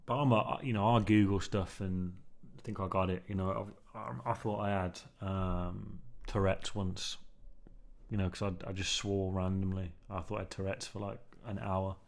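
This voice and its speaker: Rambling low-voiced male vlogger. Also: creaky. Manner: meandering, filler-heavy, keeps saying "man". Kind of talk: casual rambling monologue. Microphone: newly bought mic, under test.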